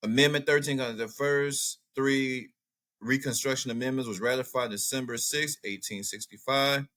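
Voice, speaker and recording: Guy ranting on a commentary channel, bright voice, thinking out loud. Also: mid-range voice, moderate pace. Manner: animated, outspoken, thinks aloud while browsing maps and texts. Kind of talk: casual reaction commentary.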